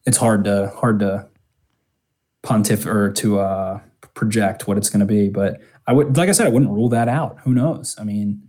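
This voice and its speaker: Low-voiced rambling sports podcast man. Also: moderate pace, dark tone. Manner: rambling, many restarts and fillers. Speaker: podcast co-host. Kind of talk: casual sports chat.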